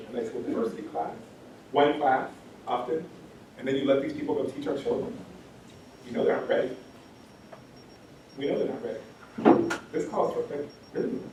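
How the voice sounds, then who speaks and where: A man's voice: mid-range voice, a little mellow. A man giving a lecture as an education scholar, impassioned, repeating phrases for emphasis with many ums. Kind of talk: lecture talk. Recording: very echoey hall, distant mic, faint noise.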